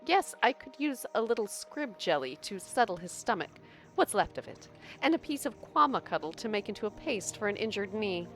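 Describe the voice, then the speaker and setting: Woman reading as a friendly caravan driver, soft, over faint background music. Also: medium pitch, big pitch swings, fairly quick.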